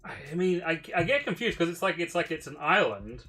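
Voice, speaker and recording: Man, crisp bright tone, casual stream chat, thinking aloud, faint music underneath. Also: on the high side, expressive, fairly quick. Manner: musing aloud, mildly profane. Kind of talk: casual livestream commentary.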